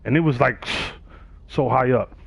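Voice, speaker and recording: Animated New man telling a story. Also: mid-range voice, moderate pace, creaky, slightly rough. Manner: animated, acts out the voices of people in his story. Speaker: livestream gamer. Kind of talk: casual storytelling on a livestream. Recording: dull, dry sound.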